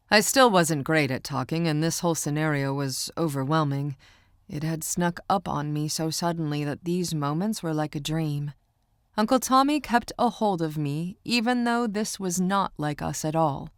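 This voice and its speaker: Low, gravelly woman narrating an audiobook. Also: moderate pace, no room sound, studio quality. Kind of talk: first-person scripted narration.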